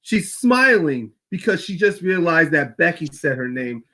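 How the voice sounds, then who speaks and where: A man's voice: fairly high pitch, sing-song, bright, forceful tone. Man hosting a casual podcast. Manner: talks fast, with restarts and fillers. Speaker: host.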